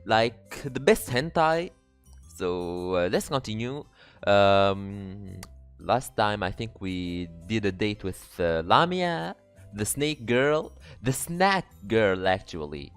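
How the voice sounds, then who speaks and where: Excitable, swearing game commentator man. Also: on the low side, takes it slowly, smooth, soft background music. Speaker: let's player. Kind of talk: game commentary and reading aloud.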